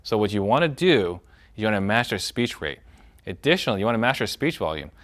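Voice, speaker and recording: A man teaching a sales training lesson in a direct coaching tone, acting out what prospects say and shifting his loudness and pace to show his points. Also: lowish voice, very animated, fast.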